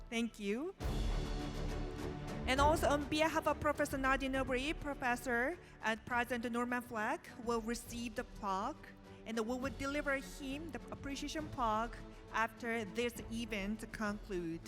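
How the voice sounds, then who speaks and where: High-voiced woman hosting a formal ceremony. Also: normal speed, over music. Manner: formal, reads out citations. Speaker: master of ceremonies. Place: banquet hall.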